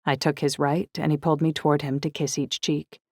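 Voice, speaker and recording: A woman narrating an audiobook in the first person, steady and descriptive. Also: sits low, a little fast, no room sound, studio quality.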